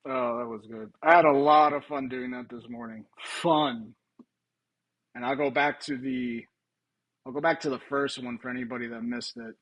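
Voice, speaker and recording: A man's voice: mid-range voice, normal speed, fairly bright tone, lo-fi sound. A man hosting a live stream, casual and thinking aloud, who swears and laughs easily.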